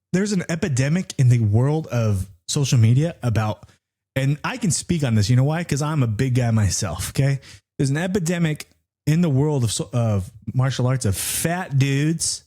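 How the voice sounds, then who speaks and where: Co-hosting a podcast, this middle-aged man launches into a lively, profanity-laced rant while telling a story, and his voice leaps upward each time he quotes someone else.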